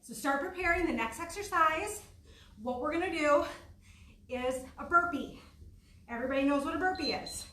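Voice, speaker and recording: Her voice is high, pushed and bright, at a moderate pace broken by long pauses, with a little hiss or hum. She's a woman instructor leading a workout class, chatting and teasing herself as she exercises, occasionally out of breath. The mic catches her from a distance in an echoey room.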